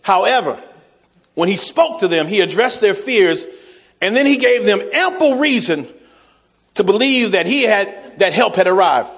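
A man preaching a sermon, folksy, calling the congregation y'all, swinging from soft asides to shouted emphasis. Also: sits high, lively intonation, moderate pace. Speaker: pastor.

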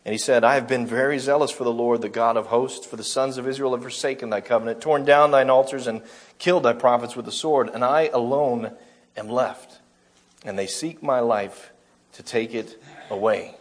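Male preacher, husky voice, reads scripture then explains it in plain sermon talk. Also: mid-range voice, moderate pace. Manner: reads scripture aloud, then explains it, with small self-corrections.

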